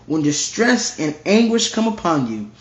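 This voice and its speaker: Here a Bible teacher, his voice on the high side and swinging widely in pitch, talks at normal speed through a casual verse-by-verse study. He reads passages aloud and restates his points emphatically, captured in a dull, roomy, lo-fi recording.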